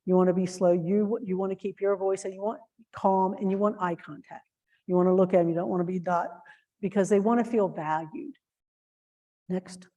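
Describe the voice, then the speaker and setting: A woman's voice: medium pitch, fairly even intonation, normal speed, mellow, dull audio. A woman giving earnest training to shelter volunteers, with plenty of fillers and restarts. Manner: acts out example phrases in a lifted voice.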